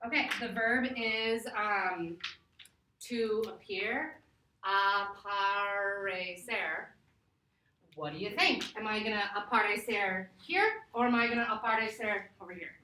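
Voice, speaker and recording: A woman teacher giving a classroom lesson, lively and laughing, stretching words out slowly to model them. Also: medium pitch, slight background noise. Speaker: Spanish teacher. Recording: echoey classroom from far off.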